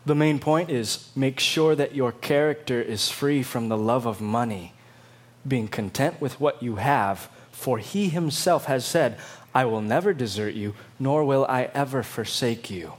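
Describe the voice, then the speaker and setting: A man preaching a sermon, emphatic and dramatic, acting out quotes in lively voices. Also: medium pitch, measured pace. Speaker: pastor.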